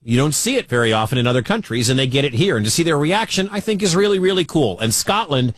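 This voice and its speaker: A talkative American man hosts a sports radio show from a dead, dry studio. He rambles, restarts his sentences, and gets animated when he tells a story. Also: fairly high pitch, quick pace, dry recording. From United States. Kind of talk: casual sports talk radio.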